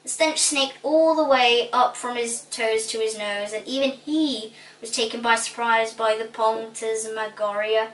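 A woman reading a children's book aloud in a lively, playful way, recorded with a roomy echo from a distance. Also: fairly high pitch, unhurried, few pauses. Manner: lively, playful, relishing funny words. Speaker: storybook reader.

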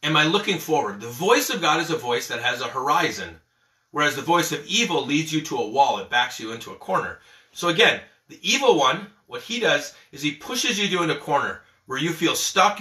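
A priest speaks with a bright, lively, rising-and-falling voice, keeping his reflection conversational and checking in often. He sounds somewhat far from the microphone, and his voice rings around a roomy church. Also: a little high, fairly quick. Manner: animated, conversational, frequent "okay?" and "all right?". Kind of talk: morning prayer reflection. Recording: echoey church from a distance.

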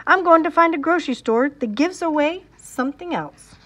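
Storybook mom, stern but loving, read by a woman; fairly high and animated. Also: moderate pace. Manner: firm, scolding.

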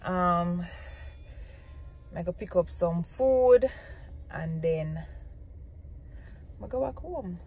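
A woman's voice: lowish voice, animated, very slow, long pauses, darkish tone, breathy edge, faint music behind. A woman chatting casually to camera as a family vlogger in a van, cooing now and then at her small child. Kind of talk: casual vlog chat to camera.

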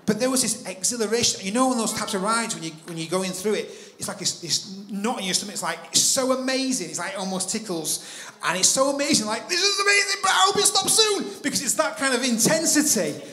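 A man preaching in church, telling a personal story with animated delivery and acting out his own thoughts. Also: high voice, a little fast, roomy sound. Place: church hall.

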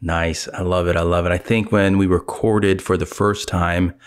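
A man hosting a fitness business podcast, energetic and quick when excited. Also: low-pitched, clear, resonant tone. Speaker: podcast host.

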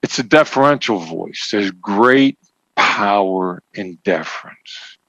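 Low-voiced man explaining deliberately, dry sound. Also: animated, fairly bright tone, no room sound. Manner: measured, emphatic, teaching tone. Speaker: interview guest, negotiation expert. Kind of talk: conversational interview explanation. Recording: dull, slightly lo-fi sound.

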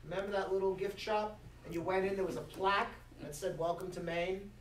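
A man speaking at a Shabbat service tells a story through a lighthearted sermon filled with playful comments to the congregation, in a synagogue sanctuary. His voice is high-pitched and steady in tone, his delivery brisk. The sound comes from far off in an echoey hall with faint noise.

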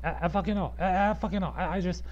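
A young man rants in a furious outburst, swearing nonstop and tripping over repeated words. His voice sits a little on the high side. The home recording sounds muffled and lo-fi. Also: fast. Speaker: podcaster. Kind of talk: angry rant. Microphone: computer voice recorder.

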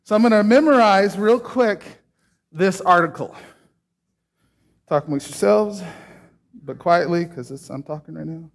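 A man's voice: sits high, a little slow, gravelly, long pauses. A man preaching a casual sermon, chatting and joking with the congregation while doing a trick.

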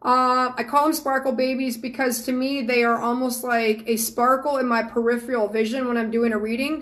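A woman from Georgia, USA, hosts a live stream as a psychic medium, chatting earnestly and affectionately with her viewers. Her voice is fairly high and fairly bright.

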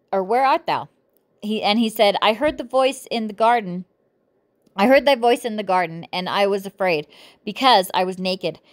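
Woman, devotional reader, slow scripture reading, stops to correct herself, playful asides. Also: mid-range voice. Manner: halting reading with frequent self-corrections.

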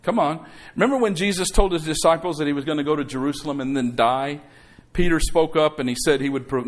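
With a voice on the high side, a middle-aged pastor talks fast during his sermon. Rhetorical questions and conversational asides pepper his delivery as he urges the congregation to say amen.

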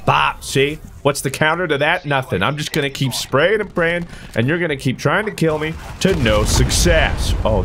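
Lively young man joking through gameplay. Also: mid-range voice, noisy background. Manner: playful, jokey trash talk, animated outbursts. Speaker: gaming YouTuber. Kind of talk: live gameplay commentary. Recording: game audio with gunfire and music behind.

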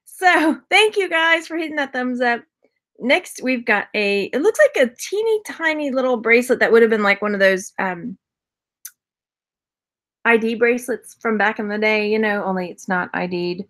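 Rambly lady vlogger unboxing thrift jewelry, kinda high voice, laughs a lot, chats with viewers. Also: expressive, normal speed, a bit bright. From Texas. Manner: chatty, rambling, laughs often, reads viewer comments. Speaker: online reseller vlogger. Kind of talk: casual unboxing haul chat.

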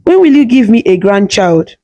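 Storybook role: woman voicing a kind old village grandmother, warm, teasing, mellow tone. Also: medium pitch, sing-song, normal speed.

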